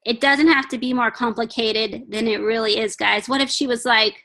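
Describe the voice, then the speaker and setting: Bright, emphatic woman giving a pep talk. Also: a little high, fairly even intonation, moderate pace, hardly any pauses. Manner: emphatic and chatty, acting out dialogues. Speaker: team leader on a sales video call. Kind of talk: pep talk on a video call. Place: home. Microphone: video call from home.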